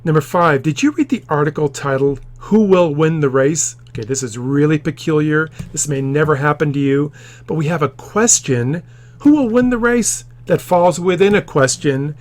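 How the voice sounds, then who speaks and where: A man in his office teaching a grammar tutorial, explaining patiently and acting out quoted lines with the odd loud shout. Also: fairly high pitch, normal speed.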